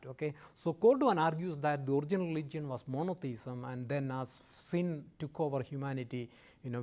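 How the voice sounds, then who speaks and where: A man with a fairly high voice gives a relaxed classroom lecture. He keeps stopping to check in with his listeners, tossing out "okay?" and the odd light joke. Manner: jokes lightly with audience. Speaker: guest lecturer.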